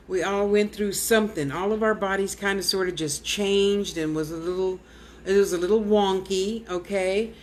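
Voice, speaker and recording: A woman's voice: mid-range voice, slight background noise. A woman clairvoyant medium in casual live-stream chat at home, rambling and blunt, talking straight to her viewers.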